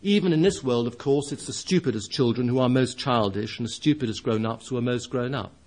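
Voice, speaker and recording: Male preacher, storybook reading, mid-pitched, expressive. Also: a little fast. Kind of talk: reading a story aloud in a sermon.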